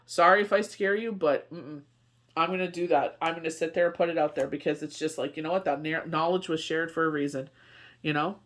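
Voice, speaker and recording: A woman's voice: sits low, steady tone, a little fast, a bit bright. A woman talks through a tarot spread in a loose, conversational way. She rambles from card to card and fills her speech with asides and fillers. Her comes through plainly. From Canada. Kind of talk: casual spoken tarot reading.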